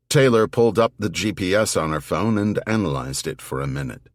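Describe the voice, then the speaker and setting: A man narrating a thriller audiobook in a measured, expressive reading. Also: low-pitched, no echo, studio quality. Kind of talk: scripted narration.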